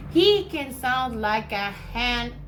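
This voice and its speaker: A woman teacher reading a picture book aloud to first graders, slow and encouraging, acting out each sound. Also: a little high, lively intonation, background noise.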